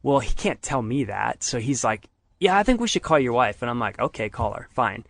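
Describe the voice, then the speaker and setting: A man's voice: medium pitch, a little fast, gravelly, no echo. Man retelling a story in a dry close sound. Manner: animated retelling, acts out others' lines. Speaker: podcast guest. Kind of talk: casual storytelling.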